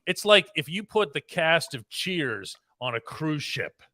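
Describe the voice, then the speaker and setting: A man's voice: fairly high pitch, very animated, measured pace, bright, forceful tone, no room sound, clean studio sound. A man co-hosting a casual sports talk show, chatty and explaining things at length. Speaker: co-host, sports columnist.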